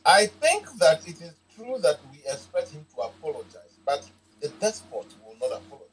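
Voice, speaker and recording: Ghanaian male guest, fairly high lively voice, emphatic and rhetorical. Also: normal speed, rough recording. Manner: emphatic, rhetorical, uses repetition. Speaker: political commentator guest. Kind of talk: forceful political commentary.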